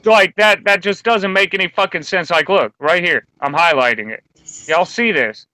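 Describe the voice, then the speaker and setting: A man's voice: high-pitched, moderate pace, sharp tone, no echo, poor audio. An angry man ranting and swearing heavily as a co-host in a round table discussion. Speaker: podcast co-host.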